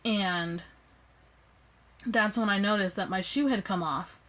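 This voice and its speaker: A young woman casually telling a personal story to her phone camera, animated and acting out what people said. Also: measured pace, rough recording. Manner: animated, acts out quoted lines with raised pitch. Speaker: vlogger.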